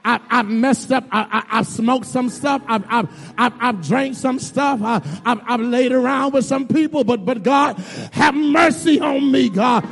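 Male preacher, very high gravelly voice, call-and-response sermon, long church reverb. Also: unhurried, hardly any pauses. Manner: call-and-response preaching, shouting and dropping low; repeats words and addresses the congregation as y'all. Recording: reverberant hall with music under.

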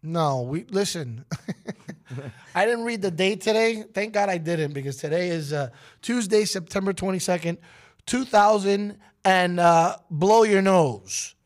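A man with a raspy voice hosting a morning radio show, rambling and joking with his co-hosts. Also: expressive, unhurried. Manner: jokey, rambling, sometimes drops to a low corporate voice. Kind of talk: casual morning show banter.

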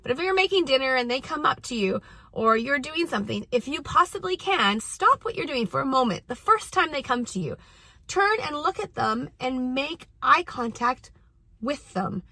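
Bright-voiced woman giving earnest advice. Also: high voice, sing-song, normal speed, no room sound. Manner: earnest, emphatic, with frequent restarts. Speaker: parenting coach and mom. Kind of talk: casual advice talk. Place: outdoors at a track practice.

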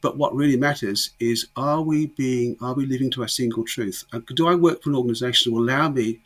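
A man's voice: medium pitch, fast talker, fairly bright tone. A man, talking emphatically in a conversational interview and often repeating words as he restarts.

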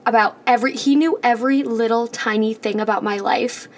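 A young woman co-hosting a podcast in casual chat, speaking hesitantly with many pauses and restarts. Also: fairly high pitch, steady tone. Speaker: podcast co-host.

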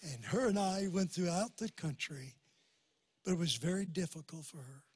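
An older man preaching a sermon in a large church, telling a personal story and building to loud, impassioned climaxes. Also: sits high, animated, normal speed, breathy edge. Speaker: pastor. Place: large church before a crowd.

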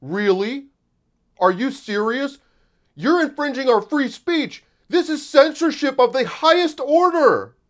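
A man's voice: very high voice, lively intonation, unhurried, voice pushed up. A man putting on the voice of outraged male online pundits, indignant and mocking.

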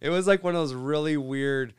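A man casually telling a profane, animated story from his workday. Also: a little high, a little fast, clear, resonant tone, no echo, clean studio sound.

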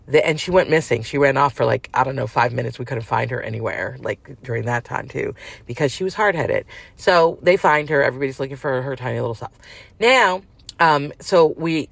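A woman's voice: low-pitched, animated, fairly quick, vocal fry, no room sound. A middle-aged woman telling a long personal story in a casual, frank, rambling way with many fillers.

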